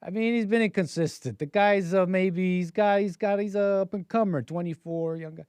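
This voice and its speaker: A man's voice: sits high, normal speed, a little mellow, clean tone, no room sound. A man hosting his own live call-in stream, chatting casually with viewers and jumping from topic to topic. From United States. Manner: chatty, jumps between topics. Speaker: livestream host.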